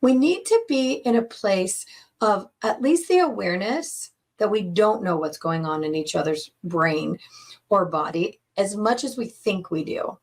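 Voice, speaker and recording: A woman coach talks earnestly about relationships, laying out each point in slow, deliberate phrases. Her voice has a gravelly, husky edge and sits at a middle pitch. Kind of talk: teaching talk on relationships.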